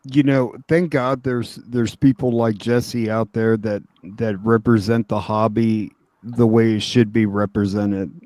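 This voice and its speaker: A man hosting a podcast, chatting in a relaxed way with lots of fillers. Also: lowish voice, measured pace, dry recording. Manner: relaxed, filler-heavy talk. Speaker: podcast host. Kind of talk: casual chat.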